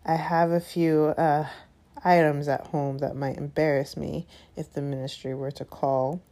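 A woman's voice: low-pitched, level tone, unhurried, dark tone. A woman voicing a cold, haughty aristocratic wizard father in a storybook reading. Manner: cold, clipped, disdainful.

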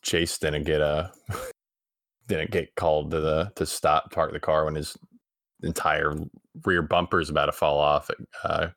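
A man co-hosting a podcast, speaking in a hesitant, halting way in casual chat. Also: extremely low pitch, flat delivery, a bit bright, no echo, studio quality.

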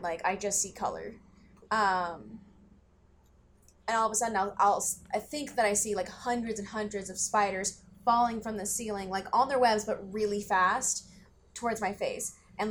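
A young woman talks through a podcast story in loose, rambling chat, dropping fillers and swear words as she goes. Her voice sits at an ordinary pitch, with a faint hiss underneath the recording. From grew up in the country. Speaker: podcast co-host. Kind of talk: casual chat.

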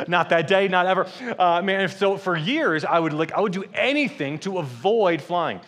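A young man preaches as a guest speaker, spinning a comic personal story. His voice sits a little high for a man and he swings between bright bursts and hushed asides. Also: expressive, moderate pace. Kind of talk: storytelling sermon.

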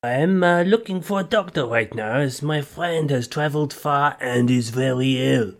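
A man's voice: medium pitch, moderate pace, natural voice. A man playing a cheeky, joking crew member in an amateur audio drama. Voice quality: jokey, loud and playful. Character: cheeky male crew member on a time-travel mission.

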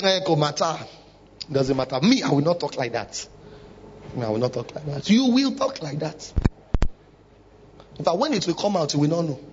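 A man's voice: fairly high pitch, slightly rough. A man preaching a sermon in church, emphatic and full of rhetorical questions. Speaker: pastor. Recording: dull lo-fi recording.

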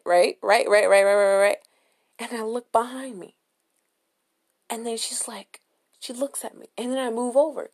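Blunt, animated young woman podcaster. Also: a little high. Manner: animated, blunt storytelling with swearing and asides. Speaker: podcast host. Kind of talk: casual solo podcast chat.

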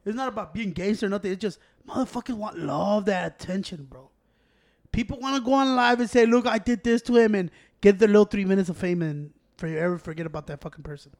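A man chatting casually on a podcast, telling animated stories with loud acted-out quotes and lots of laughter. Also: high voice, fast. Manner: animated storytelling, acts out quotes loudly; swears a lot, laughs often. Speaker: podcast co-host. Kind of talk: casual chat.

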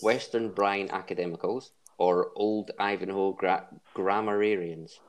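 A man's voice: low-pitched, steady tone, measured pace. A man hosting a casual football podcast, bantering and quizzing his co-hosts. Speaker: podcast host.

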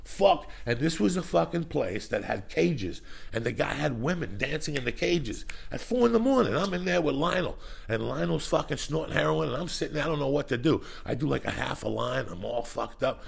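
A man's voice: mid-range voice, expressive, a little fast, creaky, slightly rough. A man hosting a podcast, telling rambling, profane stories in casual chat. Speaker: podcast host.

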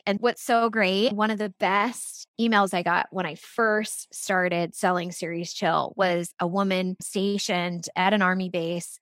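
A woman's voice: mid-range voice, no echo, studio quality. A middle-aged woman talking casually as an interview guest, telling stories with laughs and restarts. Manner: chatty storytelling with laughs and restarts. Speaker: guest, product founder.

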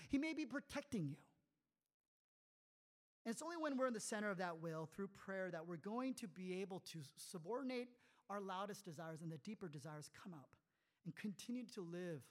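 A man preaching a sermon as a pastor, conversational and animated, full of rhetorical questions. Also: high-pitched, fairly quick, long reverb tail.

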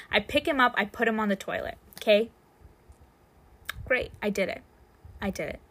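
Animated young woman telling a story. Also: a little high. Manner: animated, acts out quotes, laughs often. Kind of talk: casual anecdote.

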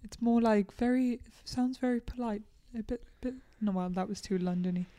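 A woman's voice: a little high, normal speed, warm tone, no echo. Woman bantering casually, dry teasing jokes. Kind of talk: casual chat.

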